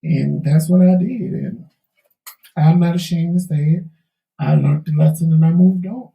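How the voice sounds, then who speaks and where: A man's voice: fairly high pitch, steady tone, normal speed, vocal fry, warm tone, reverberant, distant mic, low-quality recording. A man co-hosting a talk show, telling a candid life story in an emphatic, preachy way. He is losing his voice. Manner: preachy, emphatic, folksy Southern-tinged slang.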